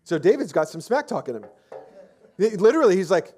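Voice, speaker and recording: A man's voice: high voice, big pitch swings, quick pace, a little mellow. A man preaching a sermon as pastor, telling the story in a casual, chatty way with lots of fillers and restarts. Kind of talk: conversational sermon.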